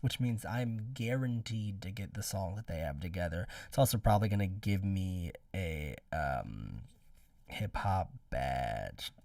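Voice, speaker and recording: A man's voice: fairly low pitch, a little mellow, no echo, clean studio sound, distant mic. A man reviewing songs in rambling, casual commentary, swearing freely. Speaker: music reviewer streamer.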